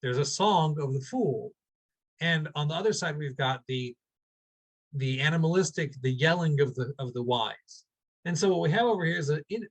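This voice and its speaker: A man's voice: fairly high pitch, husky, low-quality recording. Man rabbi teaching over video call. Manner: thinks aloud with many restarts and fillers; spells out Hebrew words slowly. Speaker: rabbi teaching a weekly class. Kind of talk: informal text study over video call.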